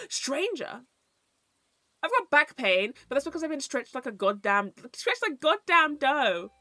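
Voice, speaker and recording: Bright, lively woman rambling. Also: high-pitched, normal speed, no echo. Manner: rambling, chatty, swears casually. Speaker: VTuber streamer. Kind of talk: casual stream chat.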